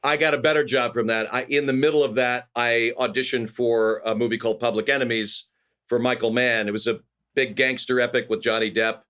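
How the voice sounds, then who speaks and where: A middle-aged man from California, a guest actor telling lively anecdotes in an interview and acting out the people he quotes. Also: medium pitch, a little fast, smooth. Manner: animated anecdotes with voiced quotes. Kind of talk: storytelling interview.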